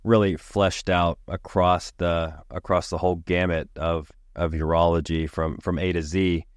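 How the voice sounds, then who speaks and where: Low-voiced podcast host, upbeat. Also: male voice, level tone, unhurried, dry recording, studio quality. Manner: upbeat, welcoming, clear. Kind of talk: podcast host introduction and interview.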